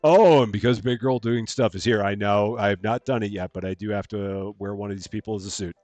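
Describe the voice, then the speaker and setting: A man's voice: on the low side, fairly even intonation, a little fast, darkish tone, highs cut off, faint music behind. A man streaming a game live, chatting through his moves and thanking viewers as he plays. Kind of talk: live gameplay commentary.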